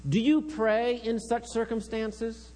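Male preacher, unhurried, reads scripture earnestly, lingering reverb. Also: extremely high pitch, completely flat delivery, a little mellow. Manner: slow, earnest, reads psalms with rising intensity. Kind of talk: sermon with scripture reading. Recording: long reverb with mains hum.

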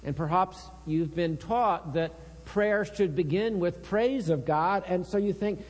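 A man giving a sermon, reading psalms aloud with earnest intensity. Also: high-pitched. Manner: slow, earnest, reads psalms with rising intensity. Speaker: preacher. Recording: long reverb with mains hum.

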